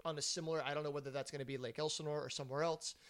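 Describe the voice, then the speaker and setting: A man's voice: on the high side, steady tone, very fast, smooth. A man co-hosting a podcast, chatting casually and thinking aloud with restarts. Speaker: podcast co-host. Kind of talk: casual chat.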